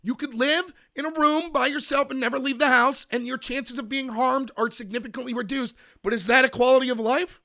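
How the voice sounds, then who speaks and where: A man's voice: very high-pitched, steady tone, fairly quick, few pauses, bright, forceful tone. An American man hosting a political commentary show, ranting emphatically and answering his chat. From United States. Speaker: podcast host.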